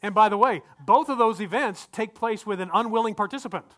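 A man's voice: high voice, fairly quick, fairly bright tone. A male pastor giving a conversational sermon, often repeating words and asking the congregation questions.

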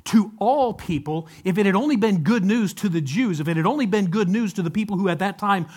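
A man's voice: high voice, lively intonation, a little fast, darkish tone. A man preaching a sermon in a conversational way, often turning to the congregation with rhetorical questions. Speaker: pastor.

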